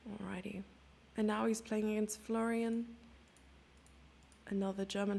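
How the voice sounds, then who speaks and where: A woman's voice: medium pitch, level tone, unhurried, creaky, pauses often, darkish tone, a little hiss or hum. A woman streamer giving chatty live chess commentary, thinking aloud and sometimes dropping into a whisper.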